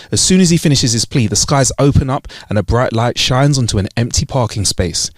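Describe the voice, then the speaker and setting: A man's voice: mid-range voice, a little fast, few pauses, dry recording, clean studio sound. A man co-hosting a comedy podcast, telling jokes in casual chat and laughing at punchlines. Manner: lively, laughs loudly at punchlines. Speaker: podcast co-host.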